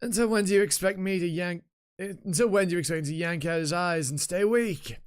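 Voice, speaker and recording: A man's voice: high voice, a little fast, clean tone, pitched above the performer's own voice, lightly acted. A man voicing a brash young woman warrior in a mocking, argumentative tone while reading a webtoon aloud. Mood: scornful.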